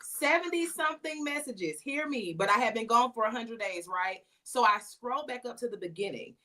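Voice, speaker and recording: A woman's voice: fairly high pitch, brisk. A woman guest on a podcast, casually telling a personal story and acting out the messages she quotes. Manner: lively retelling, acts out quoted messages.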